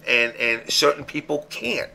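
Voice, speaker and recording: A man's voice: medium pitch, a little slow, vocal fry, slight background noise. A man hosting a casual stream show, talking bluntly with a lot of swearing. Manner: blunt, profane, animated. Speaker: show host.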